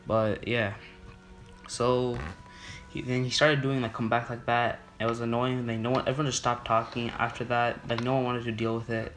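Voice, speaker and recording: A man's voice: medium pitch, level tone, moderate pace, fairly bright tone, soft background music. A young man telling a story about his school in a casual, rambling way, full of fillers and restarts.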